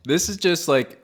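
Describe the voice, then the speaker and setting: A man's voice: fairly high pitch, breathy edge. A man co-hosting a casual book podcast, joking and laughing often as he acts out quotes in a mock-tough way. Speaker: podcast co-host.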